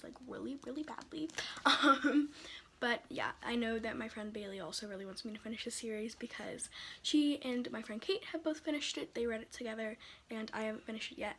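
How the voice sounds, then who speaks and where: A young woman chats eagerly at home, her voice sitting a little high. She rambles with fillers and gushes about what excites her. A faint hiss runs under the recording. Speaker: book vlogger. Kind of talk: casual chat. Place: home room.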